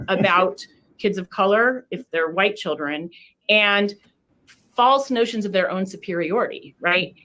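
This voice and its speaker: Bright-voiced woman explaining earnestly. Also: mid-range voice, unhurried. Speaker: speaker in a played clip. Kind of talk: lecture-style commentary.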